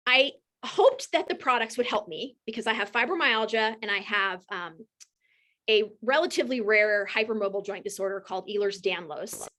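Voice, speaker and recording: A woman, a team leader telling an audience her story in a heartfelt, animated way. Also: on the high side. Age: 40s. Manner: warm, emotional, animated storyteller. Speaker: team leader speaking to a group. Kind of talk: heartfelt casual talk to an audience.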